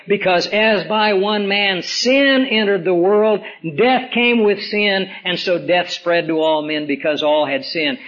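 A man preaching a sermon as pastor, hoarse from swollen tonsils, with emphatic rises and slow, dramatic drops. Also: high voice. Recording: dull lo-fi recording.

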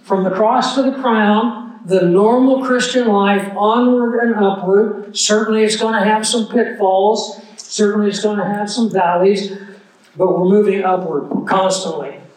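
A man's voice: sits high, steady tone, unhurried, echoey room, low-quality recording. A man preaching a sermon, telling a personal story in an earnest, conversational way.

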